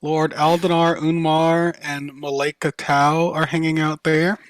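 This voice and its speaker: A man's voice: fairly high pitch, little pitch movement, unhurried, dry recording. Casual man running a tabletop game. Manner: casual, swears freely, laughs easily. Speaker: game master.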